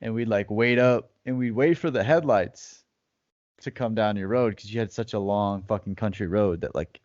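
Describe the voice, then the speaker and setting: A man's voice: lowish voice, moderate pace, a little mellow, dry recording. Guy drawling old stories, cussing, dry muffled mic. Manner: laid-back, profane, drawling reminiscing. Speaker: podcast co-host. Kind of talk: casual chat. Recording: dry dull lo-fi podcast audio.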